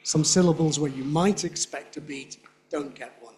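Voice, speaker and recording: An older man giving a conference lecture on English pronunciation, demonstrating rhythm by repeating phrases slowly. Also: a little high, a little mellow. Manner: demonstrates rhythm by slow drilled repetition.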